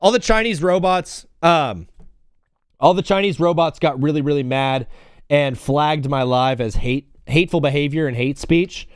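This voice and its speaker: A man's voice: on the high side, normal speed, clear, resonant tone, no echo, studio quality. A young man hosting a casual live sports stream, rambling and joking while he calls game plays as they happen. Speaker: livestream sports host.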